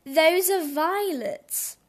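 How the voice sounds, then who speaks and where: A woman's voice: very high-pitched, very slow, voice pushed up, full character voice. A woman voicing a cheerful male robin who laughs and explains things kindly in a storybook.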